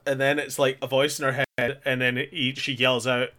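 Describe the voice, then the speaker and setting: A man co-hosting a casual podcast chat, recapping an anime and acting out characters' lines in quick put-on voices. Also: mid-range voice, flat delivery, pushed and bright. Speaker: podcast co-host.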